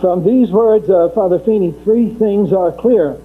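High-pitched guy teaching theology, repeats stuff, sounds like an old phone recording with hum. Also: measured pace, slightly rough, narrow, tinny audio. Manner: methodical, repeats key points for emphasis. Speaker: Catholic lecturer. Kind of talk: theology lecture.

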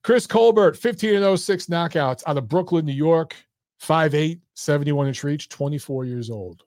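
Blunt, profane male host, a touch high-pitched, voice going hoarse, dead-dry close mic. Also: normal speed, a little mellow, dry recording. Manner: blunt, profane, talks straight to viewers. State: losing his voice. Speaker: boxing show host. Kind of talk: casual live-stream chat.

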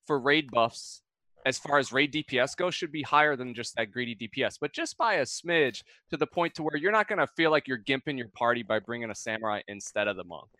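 A man in a casual gaming chat, giving earnest, measured opinions. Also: medium pitch, pushed and bright, no room sound, clean studio sound.

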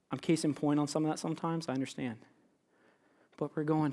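A man preaching to his church in an animated way, addressing the congregation head-on. He moves freely between teaching and acting out the figures of the passage. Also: a little high, fast, gravelly. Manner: animated, addresses congregation directly, acts out biblical characters. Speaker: pastor. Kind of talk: sermon.

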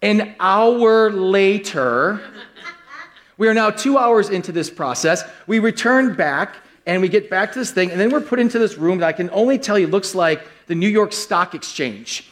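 A man preaching a sermon to a live congregation, telling a funny story with lively, joking delivery. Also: high voice, normal speed. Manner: animated, joking, acts out quoted voices. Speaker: pastor. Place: church hall with a live congregation.

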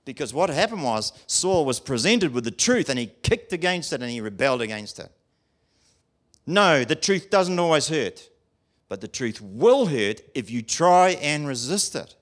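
A man's voice: on the high side, measured pace. A man preaching a sermon in an emphatic way, often asking his listeners questions. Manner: animated, emphatic, asks the audience questions.

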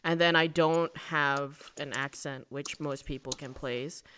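A woman's voice: low voice, fairly even intonation, unhurried, a bit bright, clean tone. A young woman co-hosting a casual podcast, telling stories in a chatty way with frequent laughs. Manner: chatty storyteller, laughs often. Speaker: podcast co-host. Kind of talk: casual chat.

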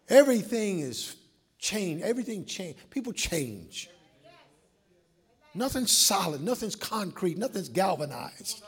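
A man preaching a sermon as pastor, calling on the congregation to answer back and swinging between shouts and hushed asides. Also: high-pitched, big pitch swings, a little slow, gravelly, husky. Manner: preaching with call-and-response to the congregation.

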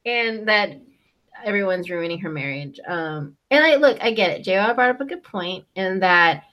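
A woman's voice: on the low side, expressive, moderate pace, muffled recording. A young woman co-hosting a casual chat, recapping a show with lots of "um" and "like". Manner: chatty, lots of fillers like "um" and "like". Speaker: co-host recapping a reality show.

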